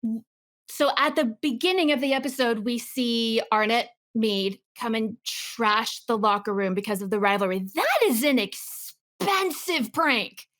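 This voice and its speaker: A woman in her thirties from Texas co-hosts a podcast, talking casually with animated emphasis. Her voice sits a little on the high side. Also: moderate pace. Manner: animated, emphatic, jumps between points. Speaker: podcast co-host. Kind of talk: casual chat.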